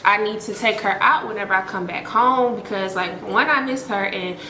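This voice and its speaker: A woman's voice: mid-range voice, normal speed, reverberant, poor audio. A woman vlogger telling a story to her viewers in a chatty, slangy, profane way, full of fillers and acted-out quotes. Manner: expressive, acts out quotes.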